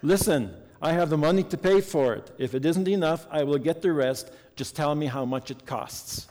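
A man's voice: a little high, normal speed, a little mellow, voice pushed up, close to an everyday voice. A preacher voicing an earnest little girl who pleads for her sick brother. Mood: pleading. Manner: pleading, insistent. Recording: long hall reverb.

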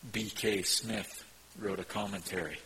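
A man preaching a sermon as pastor, teaching in an earnest, measured way and reading scripture aloud. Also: fairly low pitch, steady tone, sharp tone, a little hiss or hum, low-quality recording.

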